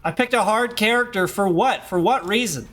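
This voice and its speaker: Male streamer in his thirties, hoarse, rambly and self-deprecating, slightly high voice. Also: moderate pace, fairly bright tone, faint music behind. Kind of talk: casual gameplay chat.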